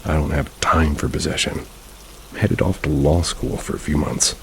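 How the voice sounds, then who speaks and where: Deep gravelly narrator for creepy tales, steady read, soft rain behind. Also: male voice, moderate pace, a little hiss or hum, rough recording. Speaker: horror story narrator. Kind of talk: scripted narration of reader stories.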